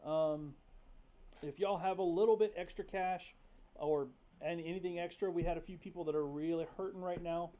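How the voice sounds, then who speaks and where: A man's voice: high-pitched, steady tone, normal speed, warm tone. A young man from North Carolina, hosting a casual livestream, talking candidly and profanely with many fillers. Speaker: livestream host.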